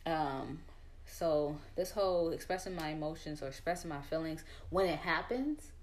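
A woman's voice: low-pitched, normal speed. A young woman in a casual chat, talking candidly and full of fillers as she tells her own story.

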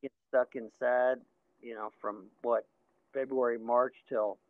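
Jokey podcast guy rambling, gravelly, sounds like he's on a phone line. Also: mid-range voice, level tone, unhurried, no room sound. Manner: rambling, jokey, stammering restarts. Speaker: podcast co-host. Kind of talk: casual chat.

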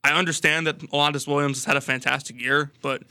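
Sharp bright-voiced sports podcast man. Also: fairly high pitch, quick pace, smooth, no room sound. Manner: energetic, lays out rules and segments. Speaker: podcast co-host. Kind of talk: casual sports chat.

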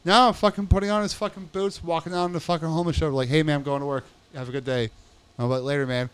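A man's voice: fairly high pitch, steady tone, quick pace, smooth. A man telling stories in a casual, profane chat, acting out other people's voices as he goes.

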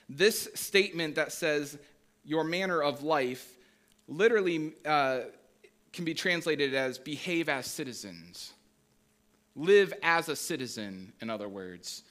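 A man's voice: a little high, expressive, fairly bright tone. A man, a pastor, preaching a conversational sermon, reading scripture aloud and asking the congregation questions. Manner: reads scripture aloud slowly.

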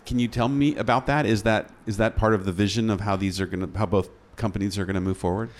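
A man's voice: lowish voice, steady tone, quick pace. A man hosting an interview as a consultant, asking questions in an enthusiastic, encouraging way. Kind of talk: casual interview conversation.

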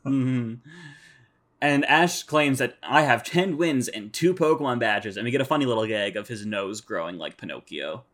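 A man co-hosting a podcast, talking through episode recaps with dry sarcasm and casual swearing. He backs his partner up with frequent murmured agreement. His voice sits at an ordinary middle pitch for a man. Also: lively intonation, normal speed, a bit bright. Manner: sarcastic, swears casually, many "mm-hmm" backchannels. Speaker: podcast co-host.

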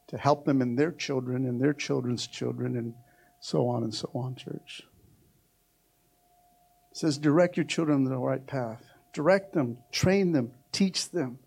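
A middle-aged male pastor preaching a sermon to his church, swinging from shouted exhortation to a quiet, close tone. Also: medium pitch, creaky. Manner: preaching with rising shouts, then dropping to a hushed, intimate tone. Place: church sanctuary.

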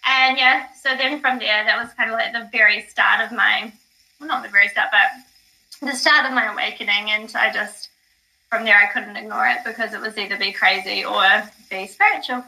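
A woman guest on a podcast, telling a personal story in casual chat, animated, with many fillers and the odd swear. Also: fairly high pitch, moderate pace, gravelly, poor audio. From not from the UK. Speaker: psychic guest.

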